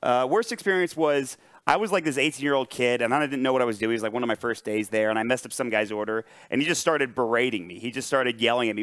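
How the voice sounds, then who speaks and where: A man's voice: medium pitch, fast talker, fairly bright tone, clean tone, no echo. A man in his twenties from upstate New York, telling a work story casually on an esports panel. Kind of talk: casual chat.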